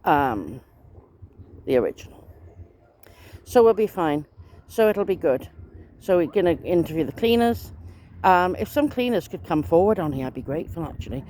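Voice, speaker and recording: A woman's voice: lowish voice, warm tone, a little hiss or hum. A woman, rambling in a casual monologue to camera, chatty and aggrieved, swearing mildly as she complains. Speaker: vlogger.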